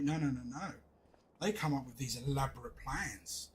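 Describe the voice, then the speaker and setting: A man's voice: medium pitch, a little fast, a little mellow, slight background noise, rough recording. A middle-aged English man, streaming a game and chatting casually, rambling through exasperated stories with laughs. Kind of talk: casual chat while gaming.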